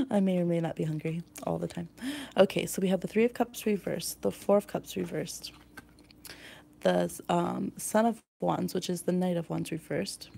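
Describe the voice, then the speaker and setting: A woman's voice: fairly low pitch, creaky, mellow, slight background noise. A woman giving a pick-a-card tarot reading in a rambling, intuitive way, with many fillers.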